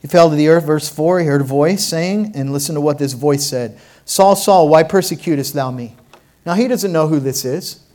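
A man preaching a sermon as pastor, asking the congregation rhetorical questions and swinging between loud passages and quiet ones. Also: fairly high pitch, a little fast, few pauses.

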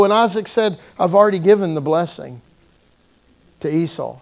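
A man preaching a sermon in a church, telling the story with animated delivery and acting out the voices of its people. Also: extremely high pitch, normal speed. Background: congregation calling out responses.

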